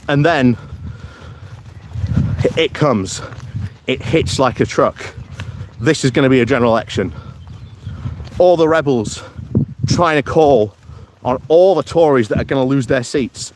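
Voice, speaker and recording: Bloke chatting politics on a morning walk outside, mid pitch, chuckly and chatty, faint outdoor noise. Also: male voice, expressive, moderate pace, long pauses, a little mellow. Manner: chatty, breaks into chuckles, reads out viewer comments. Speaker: political vlogger hosting a live stream.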